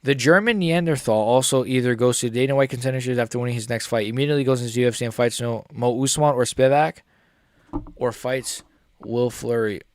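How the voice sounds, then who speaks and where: A man's voice: medium pitch, a little fast, no room sound. A young man streaming a live fight reaction, talking casually to his viewers in a muttered, profane running commentary. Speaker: MMA streamer.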